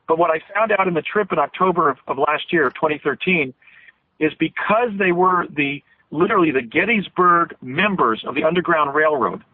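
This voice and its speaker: A man's voice: on the high side, dry recording. A man being interviewed as a guest on a radio show, telling a long story in earnest detail, his voice at times catching with emotion. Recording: tinny phone line, dry.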